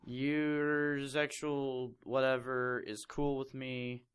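A man's voice: mid-range voice, little pitch movement, drawn-out words, clear, resonant tone. A young man reading a fan fiction aloud in a casual comedic chat, mocking it and laughing often. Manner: mocking, laughs often, puts on silly voices for quotes.

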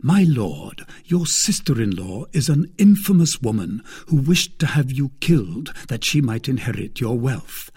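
A man voicing a hot-headed young male swordsman who speaks impatiently and emphatically, with a husky tone. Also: medium pitch, big pitch swings, a little slow, few pauses, darkish tone, full character voice. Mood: earnest.

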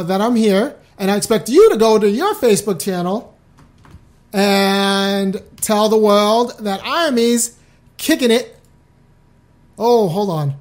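A loose, chatty live-stream host who talks straight to the audience. The voice sits at a middling pitch, and the host keeps breaking off mid-sentence to start over. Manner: chatty and loose, restarts often, speaks straight to viewers. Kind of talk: casual live-stream talk.

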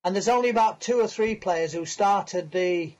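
A man appears as a podcast guest over a video call, telling a long anecdote in a chatty, self-mocking way and laughing through it. His voice sits high with a darkish tone at a moderate pace, and the call audio is muffled and lo-fi.

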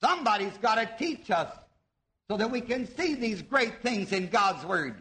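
A man's voice: sits high, expressive, normal speed, sharp tone. A man preaching a sermon, teaching his audience, asking them questions and drawing out the words he wants to stress. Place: church before a live audience.

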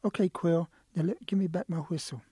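A man's voice: high voice, a little fast, mellow, slightly rough, dry recording, studio quality. A man voicing an old male turtle in a told story, cautious and protective of what is his. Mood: wary. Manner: hesitant, protective.

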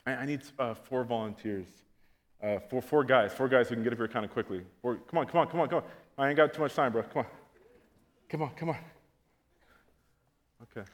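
A man preaching a sermon to his congregation, telling comic stories and acting out scenes, swinging from loud to quiet. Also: medium pitch, brisk, long pauses, long reverb tail. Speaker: pastor. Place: church auditorium, on stage.

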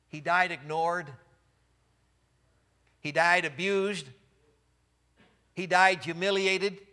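High, bright-voiced preaching man. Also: long reverb tail. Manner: emphatic, repeats key phrases. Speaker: pastor. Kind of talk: sermon.

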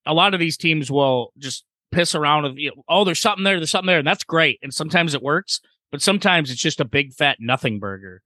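An excitable man co-hosts a casual sports chat, his voice bright and a little high for a man. He swears freely and circles back to repeat his points. The sound is dry and close to the mic. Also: fairly quick, hardly any pauses, no room sound. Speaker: podcast co-host.

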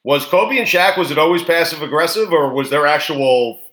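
Bright-voiced man hosting an interview. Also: a little high, moderate pace. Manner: enthusiastic, laughs easily. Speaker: host. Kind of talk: casual interview.

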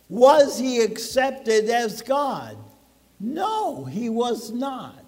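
A man's voice: very high-pitched, big pitch swings, drawn-out words, a little mellow, big-room sound. A man pastor preaching a sermon to his congregation in a conversational way, putting questions to the listeners. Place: church sanctuary.

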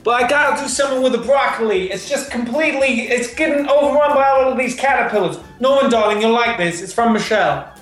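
A man's voice: very high-pitched, fast, few pauses, a bit bright, echoey room, soft background music, pitched above the performer's own voice. A man voicing a fussy older woman in the garden, calling for her husband in a sing-song voice.

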